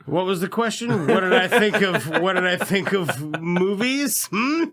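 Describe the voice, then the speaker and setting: A man's voice: high voice, expressive, a little slow, fairly bright tone. A man co-hosting a podcast in casual chat, joking around with lots of swearing. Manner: profane, joking banter. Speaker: podcast co-host.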